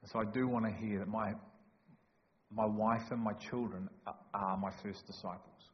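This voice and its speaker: A man preaching a sermon in a church hall, emphatic and joking, swinging from loud to hushed. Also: fairly low pitch, steady tone, moderate pace. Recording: echoey hall, dull lo-fi sound, faint noise.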